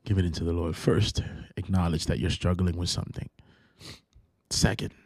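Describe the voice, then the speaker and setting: Male podcast host, earnest late-night preacher; low, warm, slightly husky voice. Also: fairly even intonation, normal speed, no room sound, clean studio sound. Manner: earnest preaching, gets worked up then goes quiet and intimate.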